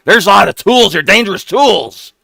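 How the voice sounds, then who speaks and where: A man voicing a small, fussy male goblin who sticks to the rules and scolds in a shrill, quick voice. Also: lively intonation, creaky, sharp tone, breathy edge, dry recording, full character voice. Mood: scolding.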